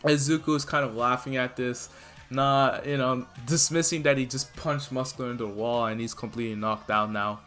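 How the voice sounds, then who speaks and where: A man's voice: medium pitch, steady tone, a little fast, a bit bright. A man retelling a fan-fiction story in a loose, rambling casual way. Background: faint lofi music.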